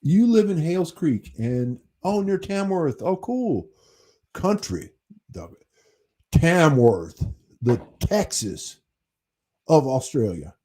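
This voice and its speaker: An American man talks to his viewers in a loose, rambling livestream chat, with casual swearing. His voice is very dark and mellow with a husky edge. He takes his time, speaking at an unhurried, slow pace. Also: fairly high pitch, sing-song. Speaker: channel host reading chat.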